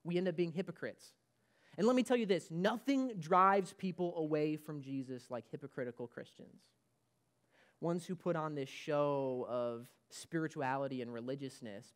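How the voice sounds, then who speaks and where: A man preaching a sermon as pastor of a church, emphatic and repeating his key points. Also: medium pitch.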